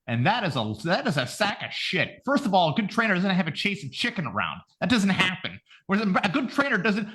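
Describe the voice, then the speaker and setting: Man, podcast host, lively swooping pitch, rambling, swears a lot, casual chat. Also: brisk, hardly any pauses. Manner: animated, profane, rambling.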